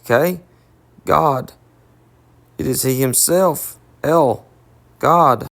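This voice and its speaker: A man's voice: mid-range voice, very slow, vocal fry, fairly bright tone. Southern man teaching from scripture. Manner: reads verses, then explains with repeated "okay?"; emphatic, repetitive, self-correcting. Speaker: Bible teacher. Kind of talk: Bible study sermon.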